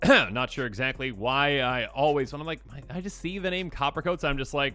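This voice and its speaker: A man hosting a casual card review, chatty and enthusiastic, with a slightly hoarse voice. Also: medium pitch, expressive, brisk, sharp tone, faint music behind. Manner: enthusiastic, chatty, lots of fillers. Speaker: channel host.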